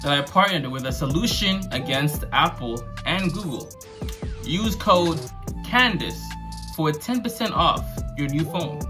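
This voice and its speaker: A man's voice: a little high, lively intonation, moderate pace, few pauses, music in the background. A man hosting a casual commentary vlog, talking in slangy, sarcastic and mocking asides. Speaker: commentary channel host.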